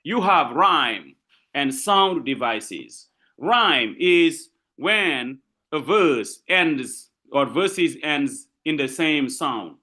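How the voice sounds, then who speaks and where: Slow, lively-pitched male lecturer. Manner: slow, repetitive teaching with frequent "okay?" checks. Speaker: literature lecturer. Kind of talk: university lecture.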